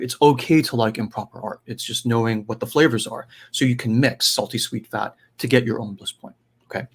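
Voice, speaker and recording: A man speaking at a middle pitch gives a relaxed teaching talk over a video call. His delivery is loose and chatty, full of little check-ins with his listeners as he explains his ideas. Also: breathy edge. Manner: conversational, peppered with "right?" and "you know". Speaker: spiritual teacher and advisor. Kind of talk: live online teaching talk.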